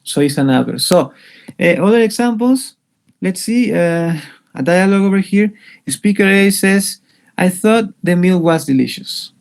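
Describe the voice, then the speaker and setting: A man's voice: high voice, moderate pace, creaky. A man teaching an English grammar lesson, explaining patiently with many fillers and restarts.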